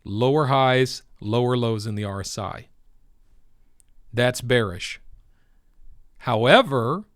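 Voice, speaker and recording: A man's voice: medium pitch, animated, takes it slowly, no echo, studio quality. A man giving casual commentary on the crypto market, with emphatic, preacher-like repetition.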